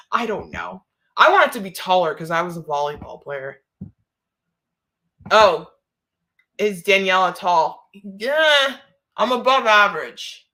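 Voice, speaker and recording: A woman's voice: mid-range voice, animated, slow pace, long pauses, bright, forceful tone. A woman hosting a live stream, chatting casually and rambling, laughing often and answering viewer comments.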